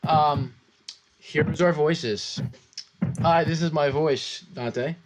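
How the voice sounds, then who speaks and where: A young man hosts a casual chat podcast with friends, speaking a bit high. He rambles and restarts his sentences. The home recording has clear background noise. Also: extremely slow. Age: teens or young adult. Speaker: podcast host.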